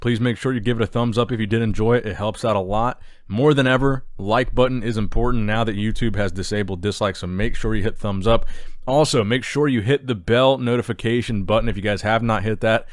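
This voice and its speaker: Low-voiced man signing off a channel. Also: brisk, dry recording, clean studio sound. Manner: easygoing, friendly sign-off. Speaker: host of a bodybuilding news channel. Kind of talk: casual video outro.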